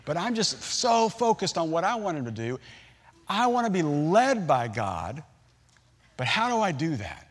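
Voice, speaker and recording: A middle-aged man preaching a sermon, telling a family story in a relaxed, conversational way with humorous asides. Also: a little high, measured pace. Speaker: pastor.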